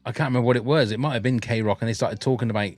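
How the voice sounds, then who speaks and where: A man's voice: mid-range voice, very fast, no echo, faint music behind. A male podcast host in a mid-range voice, recorded dry and close. He chats casually, teases his co-host and keeps the talk moving with question after question. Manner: chatty, teasing, asks lots of questions. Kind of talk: casual chat.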